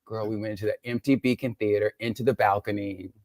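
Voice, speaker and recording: A woman's voice: extremely low pitch, fairly even intonation, quick pace, a little mellow, no echo. A woman in her fifties, a guest on a video call, chatting openly and telling candid stories with frequent laughter. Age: 50s. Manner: candid storyteller, laughs often. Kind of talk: casual chat.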